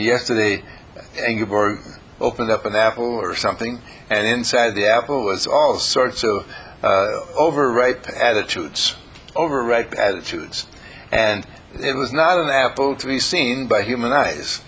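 A man's voice: fairly low pitch, fairly bright tone, a little hiss or hum, rough recording. An older man giving a folksy, informal motivational talk to a group, homespun in manner and slipping into playful quoted voices. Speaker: group teacher.

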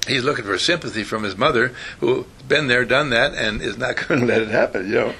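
A man's voice: mid-range voice, brisk, gravelly, slight background noise. An older man giving a folksy motivational talk, telling stories and acting out the voices of the people in them. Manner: animated storyteller who acts out quoted voices.

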